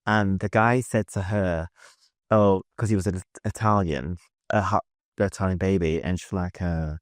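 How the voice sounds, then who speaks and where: A man's voice: low voice, fairly even intonation, normal speed, dry recording, clean studio sound. A man as a podcast guest, telling a personal story earnestly, with hesitations and fillers. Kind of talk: casual interview chat.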